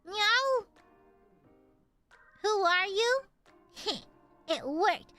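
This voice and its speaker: A young woman hosts a casual live stream from home. Her voice sits very high and sounds bright. She talks in an unhurried, playful way over faint background music. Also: animated, gravelly. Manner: playful, teasing, affectionate. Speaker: VTuber streamer.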